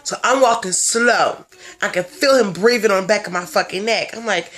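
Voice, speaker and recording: A woman's voice: medium pitch, moderate pace, fairly bright tone. A young woman telling a story in a blunt, brash way, swearing freely. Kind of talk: casual profane storytelling.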